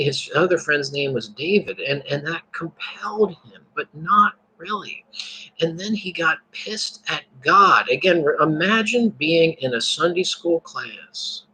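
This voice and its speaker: Husky, bright-voiced man talking candidly. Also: a little high, low-quality recording. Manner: candid and animated, swears and laughs often. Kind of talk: casual talk about faith.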